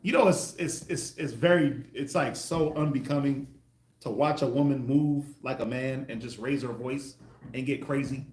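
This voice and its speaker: A man preaching to a group, acting out the voices he quotes with sudden loud bursts. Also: mid-range voice, moderate pace, echoey room. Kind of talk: street sermon teaching.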